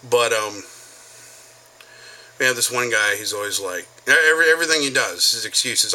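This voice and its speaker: A man's voice: mid-range voice, quick pace, a little hiss or hum. A man talking casually to camera, telling stories and slipping into impressions. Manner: animated, jumps between impressions. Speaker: vlogger. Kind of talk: casual storytelling monologue.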